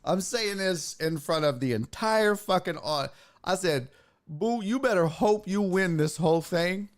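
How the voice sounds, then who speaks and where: A man hosting a podcast, telling a comedic story in a profane, animated way and acting out what he said. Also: high-pitched, measured pace. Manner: profane, animated, acts out his own quotes. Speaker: podcast host.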